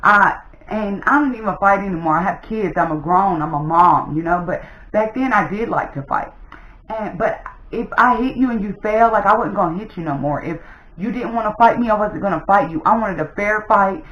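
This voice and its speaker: Animated woman telling a story, roomy sound. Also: medium pitch, moderate pace, lo-fi sound. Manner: animated, addresses viewers as "y'all". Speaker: storytime vlogger. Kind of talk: casual storytelling.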